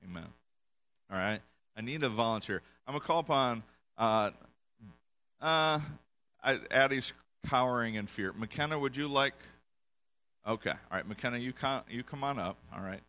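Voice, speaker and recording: A man preaching a casual sermon to a congregation, relaxed and joking, often restarting his sentences. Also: mid-range voice, normal speed, pauses often. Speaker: pastor. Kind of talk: casual sermon with audience volunteers. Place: church in front of a congregation.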